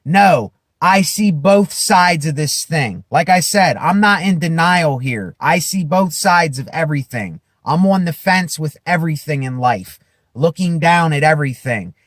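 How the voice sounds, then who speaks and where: A man giving an impassioned self-help monologue to camera, emphatic and repetitive, building at times to loud declarations. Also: fairly high pitch, animated, no echo, clean studio sound. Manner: slow, emphatic, repeats phrases, rises to shouting declarations. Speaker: vlogger.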